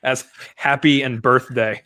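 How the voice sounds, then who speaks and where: A man's voice: mid-range voice, fairly even intonation, a little slow, pushed and bright, no room sound. Man cracking dry jokes. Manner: dry joking. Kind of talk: casual chat on a livestream.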